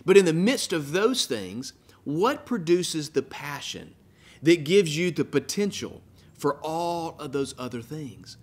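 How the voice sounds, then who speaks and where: Male pastor, higher-pitched, earnest sermon delivery with emphatic repetition. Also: very animated, a little slow. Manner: earnest preaching with emphatic repetition and dropped, quiet line endings.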